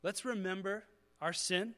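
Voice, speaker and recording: A man's voice: high-pitched, steady tone, unhurried, a bit bright. A male pastor preaching a conversational sermon, building to emphatic peaks before communion.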